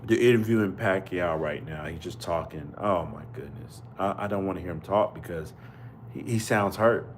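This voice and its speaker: A man's voice: low-pitched, moderate pace, a little hiss or hum. A man hosting a live boxing podcast chat, outraged and slangy, repeating his exclamations. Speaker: podcast host. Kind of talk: live fight commentary chat.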